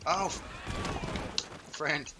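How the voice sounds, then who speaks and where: A man's voice: very slow, very noisy. A man hosting a casual gameplay video, chatting in rambling asides while he plays. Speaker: host.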